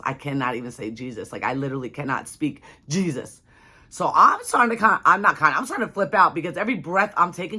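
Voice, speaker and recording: A woman's voice: low-pitched, expressive, quick pace, bright, forceful tone, breathy edge. A young adult woman telling a personal story to her viewers in a casual, chatty way, full of "like" and "you know". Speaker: vlogger.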